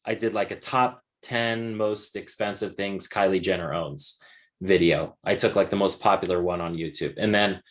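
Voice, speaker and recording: A man hosting a casual webinar over a video call, answering questions in a relaxed, encouraging way with lots of "like" fillers. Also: deep voice, moderate pace. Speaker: webinar host and course instructor. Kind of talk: casual Q&A chat.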